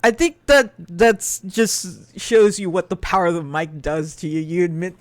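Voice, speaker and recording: High-voiced rambling male streamer. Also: a little slow, dry recording. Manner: rambling, hesitant, laughs often. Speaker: streamer reading chat. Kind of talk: casual stream chat.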